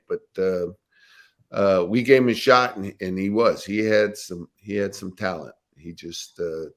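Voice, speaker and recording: Older guy, lowish voice, ex linebacker spinning funny stories, laughs a lot. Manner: laughing, animated anecdotes with acted quotes. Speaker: former pro football linebacker, guest. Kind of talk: casual interview storytelling.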